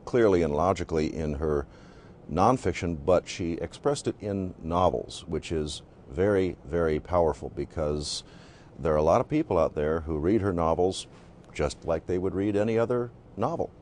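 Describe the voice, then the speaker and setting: Guest author, extremely low male voice, halting explainer, light background noise. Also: a little mellow. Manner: explanatory, with frequent uh and um pauses. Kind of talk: interview answers.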